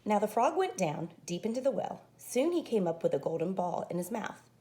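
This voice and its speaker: Animated woman reading a storybook aloud. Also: medium pitch, a little fast. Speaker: teacher.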